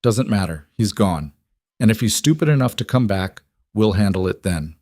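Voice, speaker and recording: A man's voice: on the low side, expressive, moderate pace, darkish tone, dry recording, studio quality. A man voicing a ruthless, mocking outlaw gang leader in a western story, with a taunting, menacing delivery. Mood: cold threat. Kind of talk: audiobook story narration.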